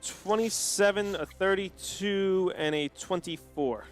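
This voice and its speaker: A man playing in a tabletop game, chatting in a relaxed way. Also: sits high, slow, faint music behind. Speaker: player. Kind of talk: casual tabletop play.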